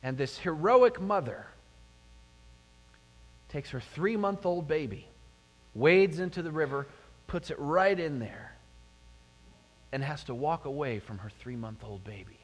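A man's voice: mid-range voice, unhurried, long pauses. A middle-aged man preaching a sermon to a congregation, telling stories and asking the listeners questions. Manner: storytelling, animated, addresses the congregation with questions. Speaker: pastor. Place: church sanctuary. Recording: long hall reverb.

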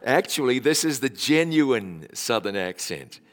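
A man's voice: medium pitch, lively intonation, a little slow, fairly bright tone. A man in his forties with a New Zealand accent, giving a chatty, self-deprecating sermon in a church. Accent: New Zealand, slightly Americanized. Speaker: pastor. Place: church hall. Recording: reverberant church hall.

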